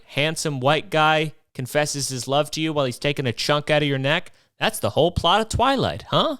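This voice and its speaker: A man's voice: on the high side, animated, a little fast, a bit bright, smooth, no room sound, clean studio sound. A young man hosting a podcast, ranting comically with lots of swearing and rhetorical questions. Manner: profane, rambling, rhetorical questions. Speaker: podcast host. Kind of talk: comedic rant monologue.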